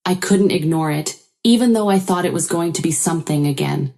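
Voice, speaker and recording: Low, mellow woman narrating a story. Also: a little fast, gravelly. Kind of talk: scripted first-person story narration.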